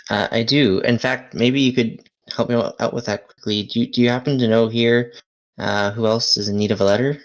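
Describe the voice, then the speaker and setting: A man's voice: medium pitch, fairly even intonation, normal speed. A man playing a tabletop game, speaking politely and measuredly in character. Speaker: player.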